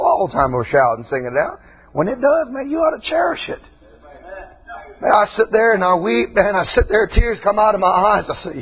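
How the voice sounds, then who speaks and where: A man preaching a sermon with passion, his voice rising to shouts and dropping low again. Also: husky, muffled recording. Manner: impassioned, shouting, swinging between loud and quiet.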